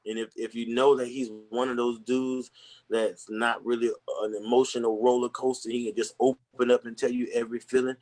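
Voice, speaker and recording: A man's voice: medium pitch, little pitch movement, fairly quick, a little mellow. A man speaking candidly and earnestly in casual conversation, rambling with restarts and slang. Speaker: podcast guest.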